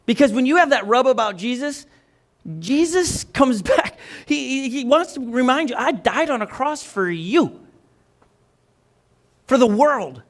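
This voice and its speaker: A male pastor preaching a conversational, energetic sermon, often restarting his sentences. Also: very high voice, a little slow.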